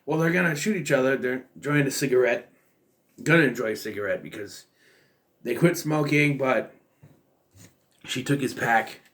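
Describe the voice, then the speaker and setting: A man's voice: medium pitch, normal speed, pauses often, a bit bright. A man vlogging a casual film recap and review, rambling loosely with filler words and restarts. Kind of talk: casual spoken movie recap.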